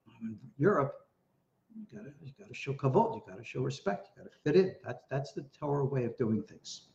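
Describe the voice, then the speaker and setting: A man's voice: medium pitch, animated, a little fast, gravelly, a little mellow. An American man, a rabbi, teaching an informal Torah class in a chatty, digressive way. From United States. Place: home studio in Tennessee. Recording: roomy, dull-sounding room recording.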